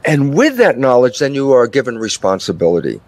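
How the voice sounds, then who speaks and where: An older man with a mid-range voice speaks fairly quickly, with no room sound. As an interview guest he explains his ideas at length in an expansive, conversational way, telling stories animatedly and acting out little dialogues with himself.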